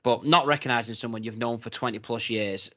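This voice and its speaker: A man's voice: mid-range voice, brisk. A man co-hosting a wrestling review podcast, chatting casually and rambling with lots of restarts. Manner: rambling, hesitant, quotes people in animated voices. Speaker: podcast co-host. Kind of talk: casual chat.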